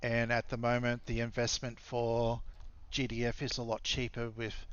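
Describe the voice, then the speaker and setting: An Australian man commentates a strategy game match in an easygoing, rambling way, pausing often with fillers. He speaks at a mid pitch, and his voice comes through a dull, lo-fi microphone. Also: completely flat delivery, fairly bright tone, clean tone, dry recording. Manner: rambling, halting, with many fillers. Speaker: esports caster.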